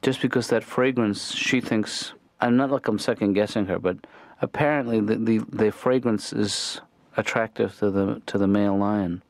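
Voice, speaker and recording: A man voicing a soft-spoken therapist in a cartoon, talking calmly in a deadpan way. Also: on the low side, moderate pace, hardly any pauses, no room sound, lightly acted. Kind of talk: cartoon dialogue.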